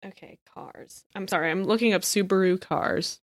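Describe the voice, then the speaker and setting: A woman hosting a podcast in casual group chat, excitable, laughing often and swearing casually. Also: medium pitch, normal speed. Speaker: podcast host.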